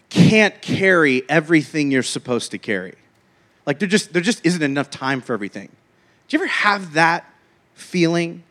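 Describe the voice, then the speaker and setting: High-voiced joking preacher man. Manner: chatty, joking storyteller.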